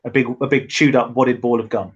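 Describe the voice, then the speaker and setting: A man in casual chat, teasing his friends and stumbling over repeated words. His voice sits at an ordinary middle pitch. The delivery is loose and jokey. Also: fairly even intonation, brisk, husky, highs cut off. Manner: joking, stammering repeats. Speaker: toy stream co-host.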